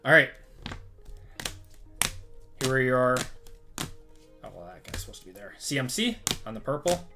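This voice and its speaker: A man's voice: mid-range voice, very animated, a little slow, long pauses, music in the background. A man hosting a live sports card break stream, upbeat and rattling off long lists of pulled cards.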